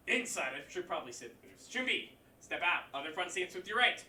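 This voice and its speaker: Energetic male martial arts instructor, lively and encouraging, counts and shouts moves; recorded far off in a roomy space. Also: high-pitched, fairly quick. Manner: encouraging, pep-talk delivery. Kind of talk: leading a livestream class. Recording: echoey room, voice far from mic.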